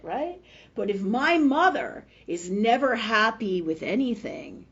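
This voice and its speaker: A woman's voice: on the high side, expressive, moderate pace, slightly rough. A woman in her fifties, feeling unwell, hosting a spiritual livestream in a blunt, profane, emphatic way, often asking "right?". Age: 50s. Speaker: spiritual talk host. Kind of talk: casual livestream talk. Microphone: webcam or phone mic. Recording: dull, slightly lo-fi livestream audio.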